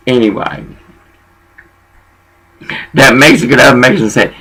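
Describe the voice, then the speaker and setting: A man's voice: mid-range voice, lively intonation, normal speed, long pauses, sharp tone, breathy edge, poor audio. A man telling a rambling, profane story in a casual monologue and dropping in bits of Spanish.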